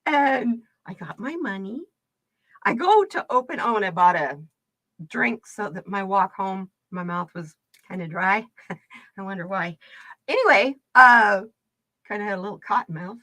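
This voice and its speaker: A middle-aged woman from the United States chatting casually with her stream viewers, telling animated stories and laughing often. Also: mid-range voice, unhurried, no echo. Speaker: livestream card reader host. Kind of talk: casual storytelling chat.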